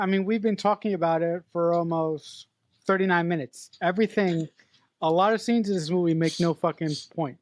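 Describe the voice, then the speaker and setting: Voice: mid-range voice, darkish tone, no echo. A podcast co-host bluntly criticizing a film in casual chat, swearing freely. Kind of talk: casual movie review chat.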